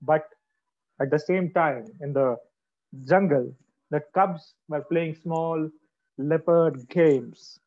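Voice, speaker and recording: A man telling a story to children in an expressive, dramatic way over a video call. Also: fairly high pitch, slow. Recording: dull lo-fi online call audio.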